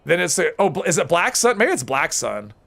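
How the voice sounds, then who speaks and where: A man talks through a game on a live stream, rambling to his chat and often correcting himself mid-thought. His voice sits a bit high for a man, with a gravelly rasp. His pitch swings up and down a lot. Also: very animated, a little fast, pushed and bright. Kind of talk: casual gameplay commentary while reading chat.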